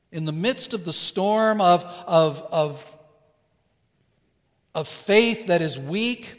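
Earnest pastor preaching in a reverberant church. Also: male voice, high-pitched, a bit bright. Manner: earnest, deliberate preaching with emphatic pauses. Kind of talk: sermon. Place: church sanctuary.

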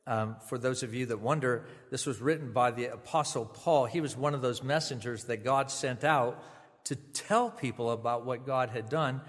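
A man giving a funeral sermon, speaking gently and conversationally with small restarts. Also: medium pitch, big-room sound. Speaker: pastor. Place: funeral service venue.

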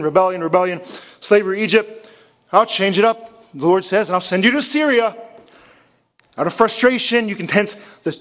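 A man preaching a sermon in a church, impassioned and full of rhetorical questions. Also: high-pitched. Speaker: pastor.

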